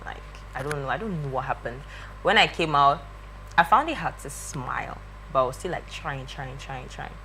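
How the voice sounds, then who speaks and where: A young woman, a guest telling a story in a lively way and acting out the voices of the people in it. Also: very deep voice, moderate pace, a little hiss or hum. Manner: lively, acts out quoted voices. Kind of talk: animated storytelling.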